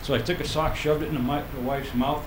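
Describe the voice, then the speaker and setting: A man's voice: a little high, quick pace, noisy background. Older man doing stand-up, roomy club. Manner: deadpan storytelling with acted-out quotes. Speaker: stand-up comedian. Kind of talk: stand-up comedy set. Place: comedy club stage. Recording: roomy live club recording.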